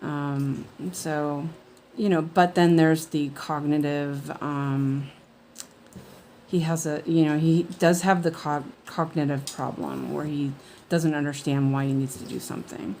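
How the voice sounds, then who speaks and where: Slow-talking woman chatting while she stitches. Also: deep voice, steady tone, a little mellow, a little hiss or hum. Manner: rambling, many fillers and restarts. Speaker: cross-stitch livestream host. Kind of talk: casual chat while stitching.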